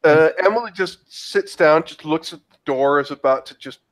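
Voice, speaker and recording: A man's voice: a little high, normal speed. A man playing in a tabletop game, describing his character with many hesitations. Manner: hesitant, joking, filler-heavy. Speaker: player. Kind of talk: casual tabletop play.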